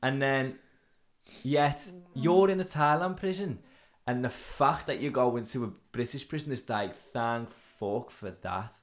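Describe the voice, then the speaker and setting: A man's voice: medium pitch, a little slow. A man with a Liverpool accent hosting a casual interview, talking bluntly and swearing freely. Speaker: host.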